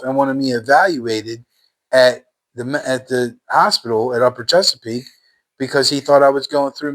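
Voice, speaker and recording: A man's voice: mid-range voice, fairly bright tone. A man telling his personal faith testimony in a fervent, emphatic way, repeating phrases in casual everyday speech.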